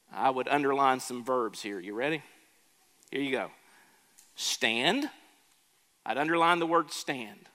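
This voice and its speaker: A man preaches in a slow, drawn-out way, leaning hard on the words he wants to land. His voice sits fairly high and sounds bright. A long reverb from the hall trails behind him. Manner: emphatic preaching, slows and rises on key words. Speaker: pastor. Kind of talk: sermon.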